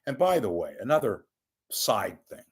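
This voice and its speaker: Older man, lowish voice, profane, rambling, wisecracking. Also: big pitch swings, normal speed, slightly rough. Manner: profane, wisecracking, rambling with loud bursts and muttered asides. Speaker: media commentator. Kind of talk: off-the-cuff monologue. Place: at home.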